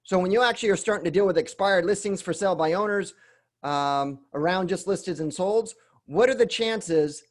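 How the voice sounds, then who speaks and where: Guy with a pretty high voice running a sales training webinar, loose and chatty, says "right?" a lot and restarts sentences. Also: normal speed. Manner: conversational, keeps adding "right?" tag questions; restarts and rephrases mid-sentence. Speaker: real estate sales coach. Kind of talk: teaching webinar talk.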